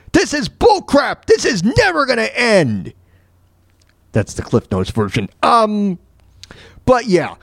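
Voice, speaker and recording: A man's voice: fairly high pitch, darkish tone, no room sound, clean studio sound. A man hosting his own talk show, delivering an opinionated rant and often stumbling and restarting mid-sentence. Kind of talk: opinionated monologue.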